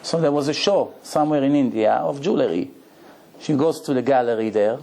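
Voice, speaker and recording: A male rabbi telling a story in a lecture, animated and acting out the dialogue in broken English. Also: mid-range voice, brisk, vocal fry. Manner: broken, non-native-sounding English grammar.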